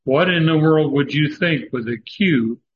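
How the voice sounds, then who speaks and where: Male Bible teacher, slightly high voice, slow and halting delivery, dull recording with faint hiss. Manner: slow, halting, many "uh" fillers, emphatic stresses. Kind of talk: Bible study lecture.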